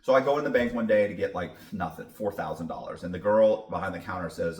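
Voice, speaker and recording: A man's voice: low voice, quick pace, a little mellow, distant mic. A man telling a story as a podcast guest, casual and blunt, swearing freely. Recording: roomy echo.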